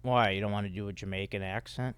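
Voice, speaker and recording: A man's voice: on the low side, fairly even intonation, quick pace, a crowd in the background. A man hosting a podcast, chatting loosely and teasing his guest. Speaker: podcast host. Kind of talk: casual chat.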